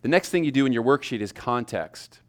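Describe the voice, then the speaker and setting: A man teaching sermon preparation to a class. He talks in a loose, conversational way, full of fillers and restarts. His voice sits at an ordinary middle pitch for a man. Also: animated, brisk. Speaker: preaching instructor.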